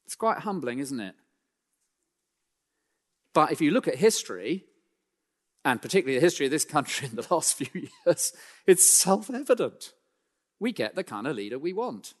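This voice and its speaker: A man preaching a sermon in an emphatic style, climbing in pitch and force for key points, then dropping low and quiet, with dry self-deprecating asides. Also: big pitch swings, normal speed, long pauses, big-room sound.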